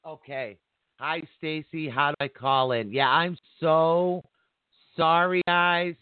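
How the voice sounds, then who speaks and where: A man's voice: fairly high pitch, slow pace, smooth, no room sound. Chatty man on a tinny phone line. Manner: chatty, warm-toned addresses, laughs often. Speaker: psychic reader hosting a call-in show. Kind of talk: live call-in reading.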